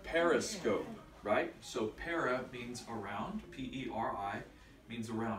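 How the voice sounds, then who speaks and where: A man's voice: medium pitch, normal speed. A man teaching a church confirmation class, patiently explaining and quizzing his students. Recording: echoey room from far off.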